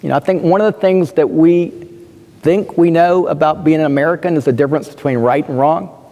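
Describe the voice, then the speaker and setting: A middle-aged man with a slightly raised pitch and a mellow, dark tone, speaking earnestly and with emphasis. His sentences often restart as he builds a point. His voice rings with the long reverb of a large hall. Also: a little fast. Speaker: physician and pastor, panel guest. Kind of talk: panel talk, personal storytelling. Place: lecture hall.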